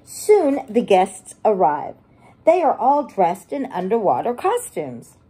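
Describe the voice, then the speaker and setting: A preschool teacher reading a picture book aloud to young children, animated and gushing as she talks to them. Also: medium pitch, slow, husky.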